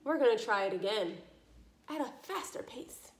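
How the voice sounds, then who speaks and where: A woman leading a speech practice lesson for children, modeling sounds slowly and encouragingly. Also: fairly high pitch, sing-song. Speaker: speech therapist. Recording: echoey room.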